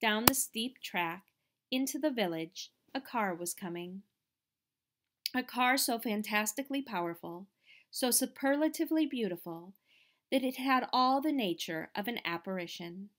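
A woman narrating an audiobook in a measured, expressive reading voice. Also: a little high. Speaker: audiobook reader.

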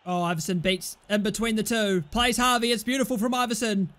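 Excitable British lad commentating gameplay. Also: male voice, very high voice, moderate pace. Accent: British English. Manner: excitable, swears, shouts at teammates. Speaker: gaming YouTuber.

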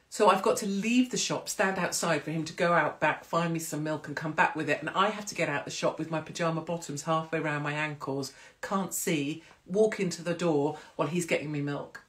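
A woman in her forties chats to her livestream viewers. She tells stories in an animated way and acts out the other people's voices. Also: deep voice, a little fast, hardly any pauses. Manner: chatty, animated storytelling with acted-out voices. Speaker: livestream host. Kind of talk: casual chat to live viewers.

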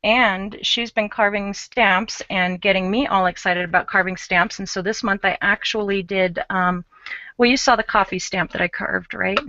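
A woman hosts a live craft show, chatting casually and explaining each step as she works. Her voice is bright and forceful, and she pokes fun at herself. The sound is dry and a little muffled. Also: mid-range voice, fairly even intonation, normal speed, dry recording. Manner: chatty, self-mocking, explains while working.

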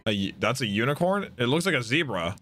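A man reacting to an anime episode as he watches, excitable and thinking aloud in slangy chat. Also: medium pitch, fast talker, crowd noise.

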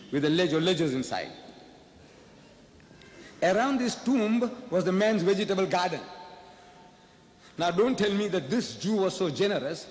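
A man giving a public debate speech, firing off rhetorical questions and repeating his points for emphasis. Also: fairly high pitch. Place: large lecture hall. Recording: echoey hall with faint ambience.

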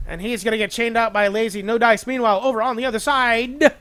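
Excitable high-voiced male game caster. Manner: rapid, excitable, self-mocking asides. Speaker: esports caster. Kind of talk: solo play-by-play game commentary.

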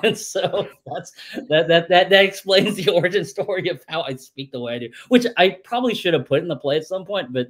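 Man, playwright, interview chat, animated, laughing, swears freely. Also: high-pitched, fairly quick. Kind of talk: casual interview storytelling.

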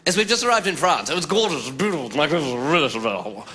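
A man's voice: fairly high pitch, expressive, fast talker, bright, forceful tone. A man putting on the voice of a posh English businesswoman chatting on her mobile, plummy and over-polite, recorded on a live stage mic. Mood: gushing.

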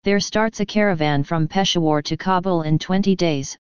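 A woman's voice: on the low side, normal speed, smooth, no room sound, muffled recording, lightly acted. A woman voicing a bitter male merchant agent who grumbles as he talks. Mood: grumbling.

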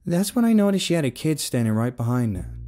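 A man narrating a first-person story in a rough, casual tough-guy way, with plenty of swearing, over faint music. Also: a little high, sing-song, quick pace, warm tone.

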